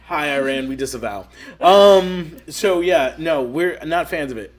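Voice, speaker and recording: A man's voice: fairly high pitch, animated, a little slow. A man from the United States co-hosting a podcast with casual, rambling chat full of fillers. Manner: rambling, with many fillers and laughs. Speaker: podcast co-host.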